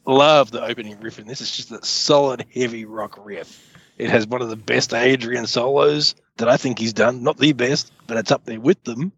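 A man's voice: mid-range voice, steady tone, normal speed, a bit bright, slightly rough, no room sound, lo-fi sound. A man co-hosting a casual podcast chat, opinionated with dry jokes. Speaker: podcast co-host.

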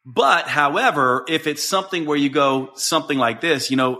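A man's voice: a little high, moderate pace, bright, forceful tone. A man hosting a podcast, earnestly explaining how to respond to someone going through a hard time, acting out example phrases as he goes. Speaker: podcast host. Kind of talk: solo coaching talk.

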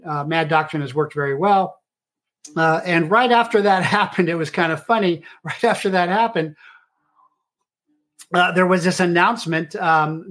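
A man's voice: on the high side, a bit bright. A middle-aged man hosting his own show, talking in a rambling monologue full of filler "uh"s. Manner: rambling with many filler uhs. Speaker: show host. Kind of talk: casual monologue.

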